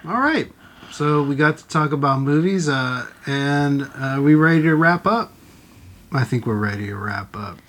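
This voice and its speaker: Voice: medium pitch, normal speed, a bit bright. Host who steers the chat, hesitant delivery. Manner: hesitant, many fillers. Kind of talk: casual chat.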